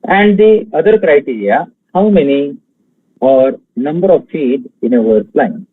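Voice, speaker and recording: A man from India giving an online exam-prep lecture, talking slowly with many fillers and pausing to count out syllables and stresses. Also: on the high side, lively intonation, husky, dry recording, narrow, tinny audio. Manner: slow, halting delivery with many fillers, counting out feet and stresses.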